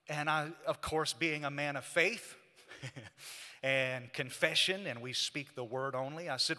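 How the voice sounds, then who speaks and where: Bright-voiced man giving a eulogy. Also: on the high side. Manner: halting, emotional retelling with quoted dialogue. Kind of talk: heartfelt eulogy storytelling. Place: church memorial service in a large hall. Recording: echoey church hall.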